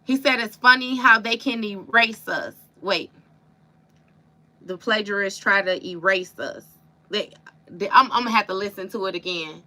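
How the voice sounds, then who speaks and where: A woman gives a live tarot reading in a bright, forward voice. She talks straight to her viewers, casual and emphatic, full of slang. Her pitch sits in the middle range for a woman. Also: normal speed. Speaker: tarot reader.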